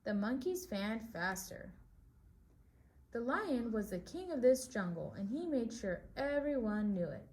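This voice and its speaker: Slow, gentle woman reading a picture book. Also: on the high side, very animated, breathy edge. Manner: pauses to ask children questions. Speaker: preschool teacher.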